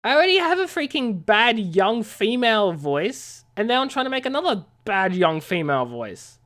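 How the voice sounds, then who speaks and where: A woman's voice: a little high, very animated, normal speed, fairly bright tone. A woman streamer chatting casually, stammering and mocking herself with minced swears.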